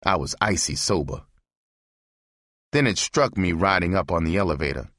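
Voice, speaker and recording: A man narrating a novel as an audiobook reading, in a measured, steady way. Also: sits low, no room sound, clean studio sound.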